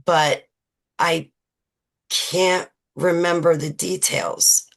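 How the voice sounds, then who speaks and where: A woman in her forties, a guest in an interview, recounting personal memories in a halting way with many fillers and restarts. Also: on the low side, fairly even intonation, vocal fry.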